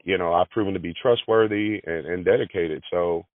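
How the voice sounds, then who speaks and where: A man's voice: low voice, brisk, no room sound. A man in a conversational interview who repeats and restarts his phrases as he talks. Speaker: granite business manager. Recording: dry, tinny phone-like audio.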